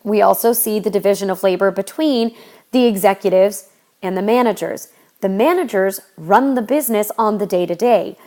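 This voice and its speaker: A woman's voice: mid-range voice, moderate pace, darkish tone. A young adult woman teaching a history lesson, talking casually and explaining step by step with frequent fillers and restarts. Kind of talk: recorded history lecture.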